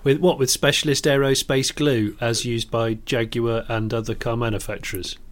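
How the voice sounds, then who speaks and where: A man's voice: mid-range voice, fairly even intonation, moderate pace. A man co-hosting a podcast, playful in casual comedic chat. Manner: playful, laughs often. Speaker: podcast co-host.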